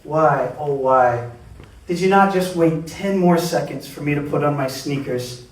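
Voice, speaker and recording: A man's voice: on the high side, unhurried. A man telling a comic story at a live reading, ranting in exasperation at an absent person and laughing mid-sentence. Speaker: open-mic storyteller. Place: live reading event, roomy venue. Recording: very echoey room, voice from far off.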